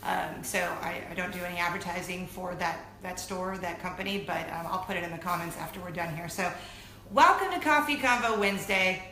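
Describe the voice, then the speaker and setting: A woman in her thirties hosting a weekly web show, chatting casually to camera in an animated, self-deprecating way. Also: on the low side, fairly quick. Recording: echoey room with faint noise.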